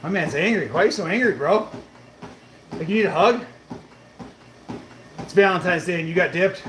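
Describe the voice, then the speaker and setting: A man's voice: high-pitched, animated, moderate pace, fairly bright tone. Man, casual live-stream chat, laid-back, swears, says bro a lot, echoey room, faint hiss. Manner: laid-back, swears freely, calls viewers bro and brother. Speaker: fitness streamer answering chat.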